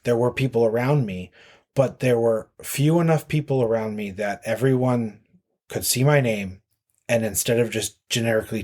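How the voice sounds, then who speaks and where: A man tells a long story as a podcast guest, circling back with fillers and restarts. His voice sits a little low. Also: a little mellow. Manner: rambling with many fillers and restarts. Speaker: podcast guest, marathon runner. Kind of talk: casual storytelling.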